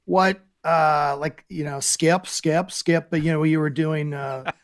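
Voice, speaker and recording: A man with a high voice chats on a comedy podcast, stumbling and restarting his sentences. He trails into fillers as he searches for words. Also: steady tone, measured pace. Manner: hesitant, stammering, many fillers. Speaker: podcast co-host. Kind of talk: casual chat.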